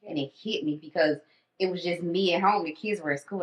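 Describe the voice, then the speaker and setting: A woman's voice: fairly low pitch, fairly quick. Candid woman in an echoey room. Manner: candid storytelling, acts out her own inner thoughts. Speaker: podcast guest. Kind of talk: casual conversation. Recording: echoey dull room sound.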